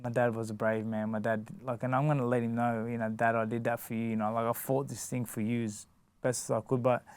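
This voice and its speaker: A man's voice: mid-range voice, little pitch movement, a little mellow, smooth, no room sound. A man, a boxer, talking casually in an interview, often restarting his sentences and filling them with "you know" and "like". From Australia. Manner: halting, many restarts and fillers. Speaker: guest, boxer.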